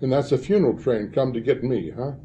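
A man's voice: mid-range voice, brisk, dark tone, slight background noise. An older man from the American Midwest addressing an audience of librarians, telling rambling anecdotes and tagging his lines with "huh?". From northern Illinois, USA. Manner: rambling storyteller, tags many lines with "huh?". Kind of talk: talk to a live audience.

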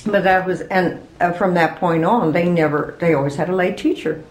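A woman's voice: fairly low pitch, normal speed, reverberant, poor audio. An older woman being interviewed, chatty and reminiscing, laughing as she remembers. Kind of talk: oral history interview.

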